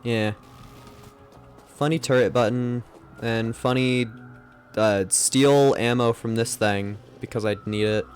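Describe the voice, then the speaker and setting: A man's voice: medium pitch, steady tone, takes it slowly, pauses often, soft background music. A young man streaming a game live, rambling and joking at himself as he plays. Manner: rambling, self-mocking, muttering to himself. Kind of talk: live gameplay commentary.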